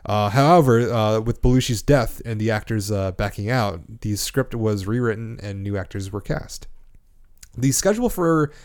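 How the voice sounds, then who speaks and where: A man's voice: lowish voice, expressive, normal speed, darkish tone. A man from Canada hosting a casual movie podcast, reading trivia notes with lots of fillers and restarts. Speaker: podcast host.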